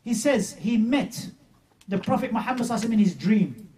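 A man delivers an emphatic sermon, slipping into scornful retellings of the claims he is criticizing. His voice sits high for a man. The microphone is some distance away, so he sounds a little removed. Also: lively intonation, quick pace, warm tone, a little hiss or hum. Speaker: preacher.

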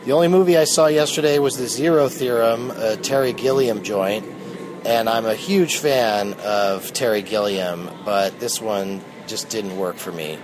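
A man's voice: on the low side, measured pace. A man hosting a casual solo podcast from an airport terminal, talking in a dry, offhand, joking way while sitting in a massage chair. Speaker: podcast host. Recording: noisy airport background. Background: airport ambience.

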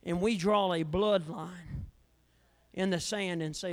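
A male evangelist preaching a fiery revival sermon in a church, swinging between loud declarations and hushed asides. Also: high voice, steady tone, slow pace. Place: church sanctuary. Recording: long church hall reverb.

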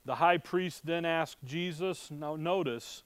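Chatty preacher with a slightly high voice. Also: male voice, slow, clear, resonant tone, no room sound. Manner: chatty, asks rhetorical questions, wry asides. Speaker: Bible teacher. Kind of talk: conversational sermon. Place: room with a live audience.

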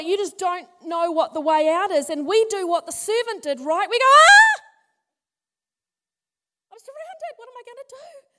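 A woman teaching a Bible passage in a chatty, animated sermon, acting out the characters as she goes. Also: high-pitched.

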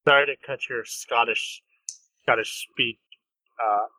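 A young man co-hosting a podcast in casual chat, easygoing, hesitant, and quick to give his opinion. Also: mid-range voice, steady tone, pushed and bright, no room sound, low-quality recording. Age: young adult. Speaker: podcast co-host.

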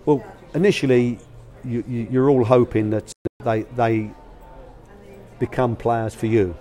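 Faint music sits behind an older man whose medium-pitched, dark voice comes out flat and unhurried. A former youth academy manager, he answers the interview with casual anecdotes about coaching young players, imitating the quoted voices.

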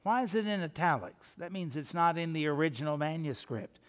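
A man's voice: on the high side, expressive, fairly quick, big-room sound. A male pastor preaching a sermon, driving his points home with strings of rhetorical questions.

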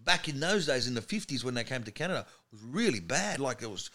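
A man's voice: medium pitch, quick pace. A man with an Australian accent, chatting as a guest on a studio podcast and acting out the people he tells stories about. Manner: animated storyteller who acts out quotes. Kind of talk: casual chat.

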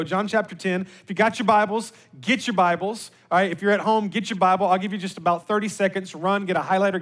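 A male pastor giving a conversational sermon, joking with the congregation and reading scripture slowly and deliberately. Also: high-pitched, fairly bright tone. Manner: conversational, joking, with repeated words.

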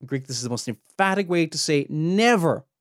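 A man's voice: fairly high pitch, animated, a little fast, no room sound, studio quality. A man hosting a podcast, teaching on theology in an earnest, emphatic way that climbs sharply when he presses a point. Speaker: podcast host and Bible teacher.

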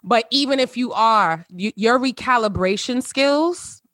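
A woman's voice: a little high, measured pace, fairly bright tone, no echo. A woman hosting a casual podcast chat with friends over a video call, talking in a heartfelt, emotional way and laughing often. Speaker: podcast host.

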